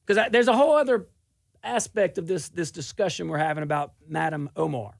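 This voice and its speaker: A middle-aged man from South Louisiana hosts a political talk show with a gravelly edge to his voice. He delivers an animated, sarcastic monologue and often laughs at his own points. The recording is dry and close. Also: fairly high pitch, brisk, no room sound.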